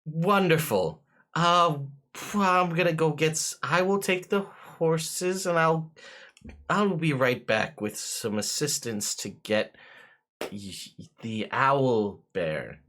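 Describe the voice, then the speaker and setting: A man's voice: fairly high pitch, slow, fairly bright tone, pitched above the performer's own voice. A man doing a flustered, stammering footman. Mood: nervous. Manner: fumbling, apologetic, stammering. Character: flustered polite male human footman. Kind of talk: voicing a character in a tabletop game.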